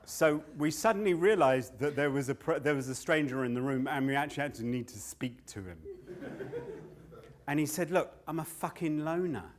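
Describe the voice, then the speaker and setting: On stage, an older man tells stories at a moderate pace in a mid-range voice. He's a comedian whose standup storytelling is loose and full of swearing, and he regularly laughs along with his own tales.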